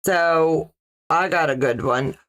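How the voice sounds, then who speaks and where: Slow, low-voiced woman chatting on a sewing livestream. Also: a bit bright, slight background noise. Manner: chatty, reads viewer comments aloud, slow and low. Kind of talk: casual livestream chat.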